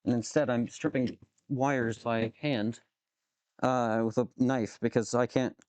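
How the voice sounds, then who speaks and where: A man's voice: mid-range voice, steady tone, a little slow, a little mellow, no room sound. A man live streaming as he works with his hands, muttering to himself, swearing freely and joking with his chat. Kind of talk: casual live-stream chat while working.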